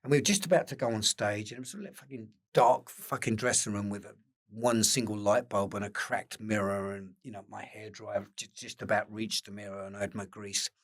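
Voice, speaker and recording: An older man with an Essex accent, telling lively anecdotes as an interview guest and acting out the quotes. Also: lowish voice, fairly quick. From England. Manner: animated anecdotes with acted-out quotes, occasional swearing. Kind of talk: casual storytelling interview.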